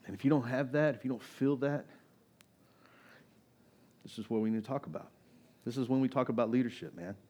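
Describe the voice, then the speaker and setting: A man's voice: mid-range voice, fairly quick, long pauses, warm tone, breathy edge. A male pastor preaching a sermon in a church, talking in a casual, conversational way and pressing his points with emphasis. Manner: conversational, emphatic, rising to exhortation.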